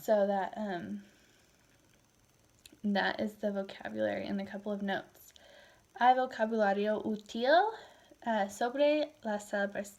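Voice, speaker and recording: A tired woman in her thirties teaching a recorded Spanish class, switching between English and Spanish in a relaxed, chatty way. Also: mid-range voice, measured pace, gravelly, pauses often. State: tired, yawning. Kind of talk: recorded lecture.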